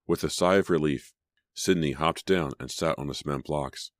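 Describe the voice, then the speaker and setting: A man reading an audiobook in scripted narration, telling the story in a measured way. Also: extremely low pitch, dry recording, clean studio sound.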